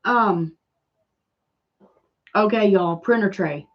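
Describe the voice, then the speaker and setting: Southern woman, crafting livestream host, slow rambling chat with viewers, slightly dull lo-fi sound. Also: mid-range voice. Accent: Southern American. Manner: rambling, chatty, reads and answers live comments.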